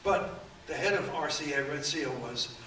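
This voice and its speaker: A man's voice: a little high, animated, sharp tone. Rambling man in his eighties, echoey room. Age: 80s. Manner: rambling anecdotes, halting with frequent fillers. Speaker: author and guest. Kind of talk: storytelling at a book event. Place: event room. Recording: echoey room, distant mic, faint room noise.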